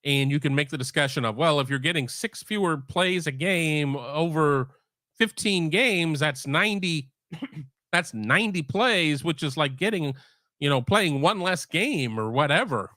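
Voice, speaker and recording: A man's voice: on the high side, expressive, unhurried, pushed and bright, no room sound. Rambling middle-aged man, dry mic. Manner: rambling, with many restarts. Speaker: sports podcast host. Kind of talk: casual live-stream chat. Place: home room.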